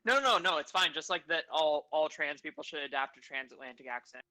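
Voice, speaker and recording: A man's voice: fairly high pitch, expressive, brisk, sharp tone, dry recording. A man co-hosting a casual podcast chat, jokey and teasing, laughing a lot. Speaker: podcast co-host.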